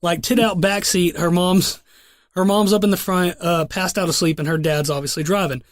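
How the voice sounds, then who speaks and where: A man's voice: high-pitched, steady tone, moderate pace, no room sound, studio quality. A young man hosting a podcast, telling a long story in a casual, rambling way full of profanity and restarts. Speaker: podcast host.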